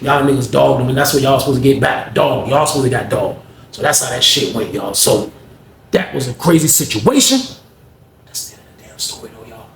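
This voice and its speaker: A man telling a story in casual, slang-heavy talk, getting loud when he acts out arguments. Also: medium pitch, lively intonation, a little fast, creaky, roomy sound. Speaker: storyteller host.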